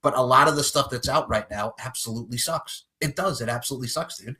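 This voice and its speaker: Bright-voiced young man podcaster. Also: medium pitch, fast, breathy edge. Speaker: podcast co-host. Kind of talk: casual banter.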